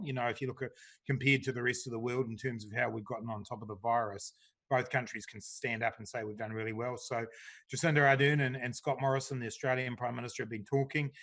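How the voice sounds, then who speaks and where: New man, chatty minister. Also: medium pitch. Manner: relaxed, chatty, many fillers and restarts. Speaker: government minister on a sports panel. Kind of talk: panel discussion answers.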